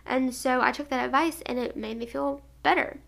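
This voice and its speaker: A young woman in her twenties with a fairly high voice that keeps dropping into vocal fry. She tells a personal story in a casual, rambling way, piling up fillers and restarts. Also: steady tone, normal speed, fairly bright tone. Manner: rambling, filler-heavy with frequent "like".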